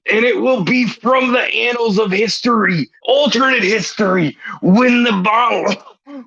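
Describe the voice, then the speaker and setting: Man putting on a raised, gravelly wrestler voice, slow boastful promo, dry lo-fi sound. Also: sits high, pushed and bright, pitched above the performer's own voice, heavily acted. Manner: slow, growling hype delivery ending lines with "brother".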